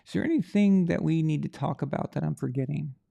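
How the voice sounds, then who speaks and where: A man's voice: on the high side, fast, vocal fry, dark tone. A man hosting a casual livestream chat for members, rambling and thinking aloud with trailing sentences. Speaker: livestream host.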